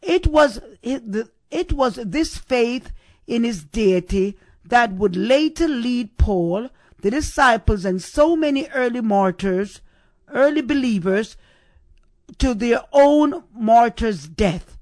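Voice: mid-range voice, expressive, slow, darkish tone, dry recording, studio quality. A preacher giving a sermon, stressing points and repeating key questions for emphasis.

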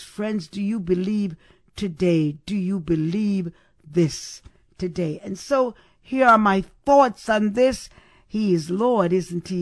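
A woman hosting a devotional podcast, giving a reflection on scripture. She repeats her phrases and keeps asking the listener rhetorical questions. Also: medium pitch.

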